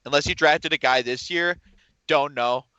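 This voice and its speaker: Male podcast co-host, bright tense voice, rambling and jokey, dry lo-fi sound. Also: a little high, normal speed, smooth, no room sound. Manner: rambling, jokey, slips into impressions. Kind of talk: casual sports chat.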